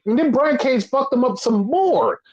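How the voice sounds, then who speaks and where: A man co-hosting a podcast, casually recapping wrestling in animated, profane storytelling that acts out the quotes. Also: very high voice, normal speed. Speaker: podcast co-host. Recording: dull lo-fi podcast audio.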